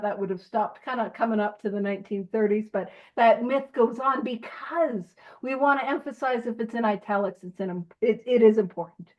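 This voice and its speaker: A woman's voice: high voice, dull audio. A woman leading a recovery study group in a casual teaching talk, chatty and self-deprecating, laughing often as she goes.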